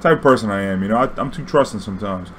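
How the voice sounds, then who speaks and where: A young man telling a story casually, profane and animated, acting out dialogue. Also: fairly low pitch, rapid-fire, slight background noise.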